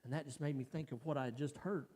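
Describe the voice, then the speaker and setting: A man giving an emotional personal testimony as a church speaker, telling his story in a halting way. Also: medium pitch, fairly even intonation, mellow, husky. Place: church sanctuary. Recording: reverberant church hall.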